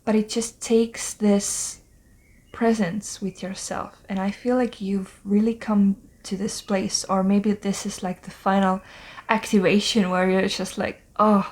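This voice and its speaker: A woman giving a spiritual tarot card reading in a soft, halting voice, often slipping into breathy whispers and filling pauses with "like" and "um". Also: medium pitch. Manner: moved to tears, emotional. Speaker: tarot reader.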